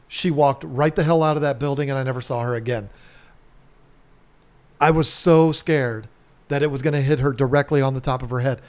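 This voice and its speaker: A middle-aged man telling a casual story to camera as a home restoration vlogger, animated, swearing casually and mimicking sounds. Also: mid-range voice, normal speed, pauses often.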